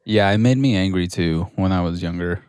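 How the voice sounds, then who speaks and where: A young man with a lowish voice co-hosts a laid-back podcast, cursing often and repeatedly dropping into quick impressions of whoever he's discussing. The recording is dry and close-miked, with a clear, resonant tone and no echo. The talk is casual chat.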